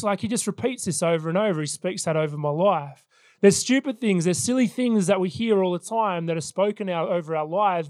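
A man's voice: sits high, dry recording, studio quality. A man in his thirties preaching a sermon as pastor, telling personal stories in an earnest way. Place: church service.

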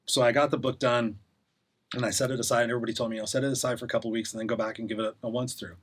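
A man telling a rambling story on a podcast at a brisk clip, words tumbling out quickly. His humor is blunt and sarcastic, and he often restarts his sentences. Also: mid-range voice, little pitch movement, breathy edge. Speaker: podcast guest, life coach. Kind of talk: casual conversation.

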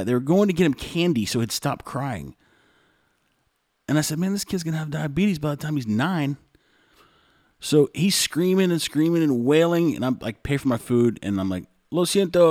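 A man's voice: medium pitch, a little mellow, dry recording, studio quality. A man hosting a show, telling stories in a rambling, conversational way and often saying "like.". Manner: rambling, conversational, frequent "like" fillers. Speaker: show host. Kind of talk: casual monologue storytelling.

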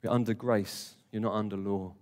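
A man's voice: fairly low pitch, steady tone, moderate pace, darkish tone. A man preaching a sermon in a church hall, speaking in a conversational, earnest way and putting questions to the congregation. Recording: long hall reverb.

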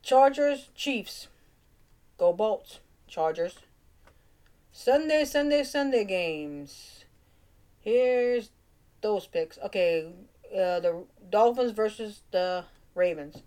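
Cajun woman, solo vlog host, easygoing and unhurried, mutters to herself, mid pitch. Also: animated, dark tone, clean tone. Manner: chatty, playful, muttering picks to herself. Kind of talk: casual sports picks vlog.

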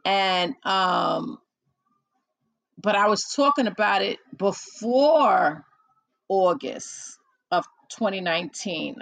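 A woman hosts a podcast and chats casually with a caller, unhurried and a little gravelly. She is self-deprecating, laughs often and sounds nervous. The sound is close and dry. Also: mid-range voice, lively intonation, a bit bright, no room sound, poor audio. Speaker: podcast host.

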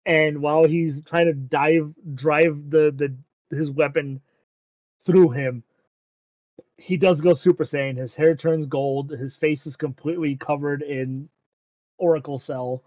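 A man's voice: on the high side, fairly even intonation, slow, a little mellow, no room sound, muffled recording. A man casually recapping an anime episode, rambling with frequent ums and casual swearing.

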